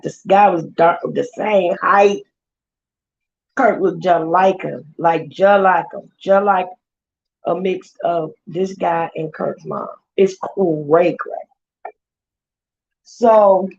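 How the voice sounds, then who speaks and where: Gravelly-voiced woman telling a story. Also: on the low side, lo-fi sound. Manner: animated retelling with quoted voices. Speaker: vlogger. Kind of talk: casual storytelling chat.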